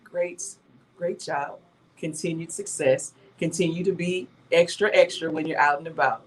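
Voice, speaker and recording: A woman's voice: sits low, fairly even intonation, moderate pace. A woman from the southern United States hosting a morning radio show, chatting and signing off with blessings. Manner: upbeat sign-off, blessing listeners. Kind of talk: casual radio chat.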